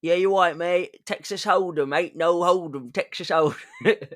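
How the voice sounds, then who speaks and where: A man's voice: sits high, measured pace, voice pushed up. A man doing a pop diva with a cheeky British accent. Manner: playful, sing-song, laughing between lines.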